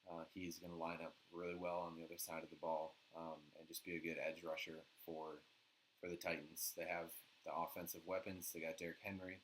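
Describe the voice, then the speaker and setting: A man co-hosting a sports podcast in casual chat, relaxed and steady as he leads each segment. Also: sits low, slight background noise, poor audio. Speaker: podcast co-host.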